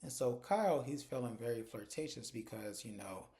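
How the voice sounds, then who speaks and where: A man's voice: mid-range voice, animated, normal speed, mellow. A man giving a casual, chatty recap of a TV episode, stringing the events together with "and so" and "like". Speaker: TV episode reviewer.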